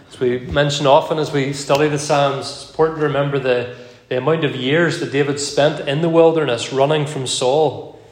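A man preaching an evening sermon in a measured, earnest way, slowing down to read verses aloud, with an occasional cough. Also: fairly high pitch, roomy sound. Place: church.

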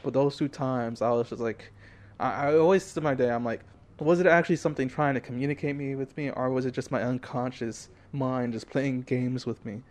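A young man co-hosting a podcast, telling a story in a loose, animated way with lots of fillers. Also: mid-range voice, brisk. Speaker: podcast co-host. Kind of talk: casual chat.

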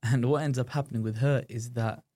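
A man's voice: mid-range voice, steady tone, fairly quick, mellow. Chatty British man telling his story. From United Kingdom. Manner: chatty, frequent "you know" and "right?" asides. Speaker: guest. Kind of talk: personal storytelling in conversation.

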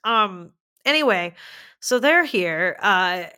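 A woman's voice: medium pitch, animated, slow pace, pushed and bright. A woman co-hosting a casual movie review chat, talking loosely and filling her sentences with "like". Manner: chatty, peppered with "like". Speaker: podcast co-host.

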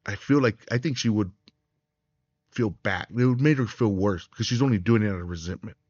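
A man co-hosting a casual podcast chat, telling an animated story with lots of "right?". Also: lowish voice, fairly quick, husky, dry recording, dull audio. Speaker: podcast co-host.

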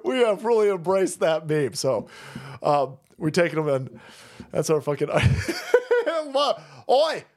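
A man's voice: fairly high pitch, animated, normal speed, a little mellow. A man hosting a livestream, ranting and commenting profanely with frequent laughter. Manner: foul-mouthed, laughing, ranting. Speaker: streamer host.

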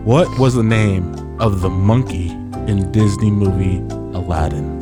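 A young man co-hosting a podcast, tipsy from beers, reading trivia questions in a laid-back, slow way. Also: low voice, loud music behind the voice. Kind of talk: casual podcast banter.

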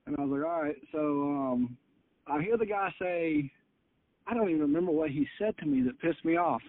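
A man's voice: a little high, animated, fairly quick, dry recording. A man, a fishing charter captain, telling a story on a podcast in a fired-up, cussing way, heard over tinny phone-like audio.

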